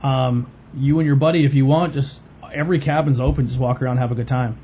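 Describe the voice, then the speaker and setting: The podcast host speaks fast with a dark mid-range voice and fairly even intonation, over slight background noise. His long story wanders casually, packed with fillers and quotes he performs in different voices.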